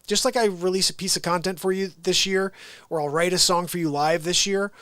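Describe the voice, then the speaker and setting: A man hosting a show, talking in a casual comedic monologue, rambling and animated, with laughs between jokes. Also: sits high, fairly quick, no room sound. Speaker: comedian and host.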